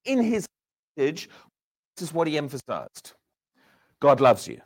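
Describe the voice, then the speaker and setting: Animated high-voiced male preacher. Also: unhurried. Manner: animated, rhetorical questions, swings from loud to hushed. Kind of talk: sermon.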